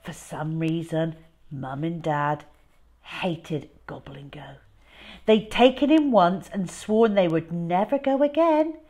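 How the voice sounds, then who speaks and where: A woman reading a children's story aloud in an expressive storyteller voice, often dropping to hushed asides. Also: on the low side, slow.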